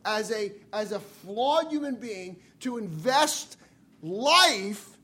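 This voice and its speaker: Slow husky preacher giving a sermon, earnest, keeps repeating the big lines. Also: mid-range voice, animated, bright, forceful tone. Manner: earnest, repeats key phrases for emphasis.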